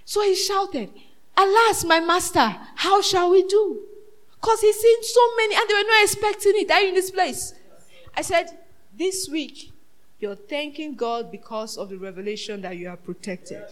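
High-voiced woman preaching dramatically. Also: moderate pace. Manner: dramatic, swinging between shouted peaks and hushed asides; asks the congregation rhetorical questions. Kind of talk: sermon.

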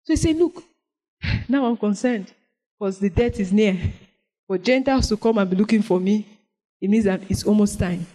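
A woman preaching a sermon, with an animated delivery that swings between loud exclamations and soft, prayerful lines. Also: mid-range voice, normal speed, pauses often, rough recording.

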